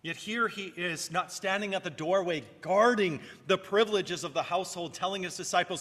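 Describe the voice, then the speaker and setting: A man's voice: high-pitched, moderate pace, few pauses, fairly bright tone, long reverb tail. A male pastor preaching a sermon in an earnest way, rising and falling for emphasis and sometimes repeating a word.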